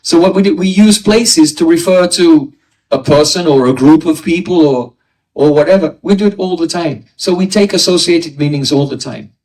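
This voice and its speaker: A man's voice: a little high, moderate pace, darkish tone, recorded from a distance, low-quality recording. A man giving a devotional class lecture, explaining ideas through everyday examples and often checking in with his listeners. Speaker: spiritual teacher.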